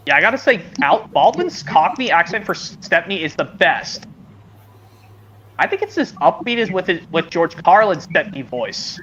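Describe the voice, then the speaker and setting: A man's voice: high-pitched, very animated, normal speed, fairly bright tone, muffled recording, slight background noise. A man streaming a casual chat, rambling and hesitant, with many restarts, heard over a video call.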